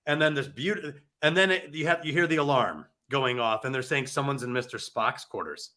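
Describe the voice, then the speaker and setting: Guesting on a podcast as an author, a man with a mid-range voice and a brisk, sharp tone talks movies. The film chat is casual, enthusiastic and jokey, and he laughs often.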